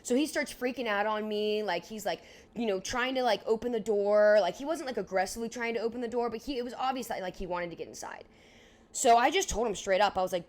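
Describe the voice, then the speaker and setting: A young woman in her twenties co-hosting a podcast, telling a story in a casual, animated way, filling it with "like" and acting out what people said. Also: mid-range voice, fairly quick. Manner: animated, heavy use of "like", acts out dialogue. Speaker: podcast co-host.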